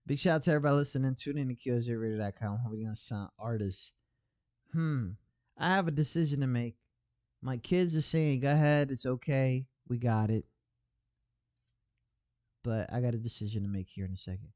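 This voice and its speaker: A man hosting an online radio stream in casual chat, rambling along and reading out chat messages with shout-outs. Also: mid-range voice, quick pace, no room sound, studio quality.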